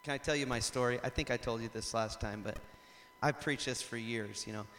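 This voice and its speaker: A man preaching a sermon in a lively storytelling way, rising to loud emphatic passages. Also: mid-range voice, fairly quick, slight background noise. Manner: animated storytelling, acts out shouts and laughs. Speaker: pastor. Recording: long hall reverb.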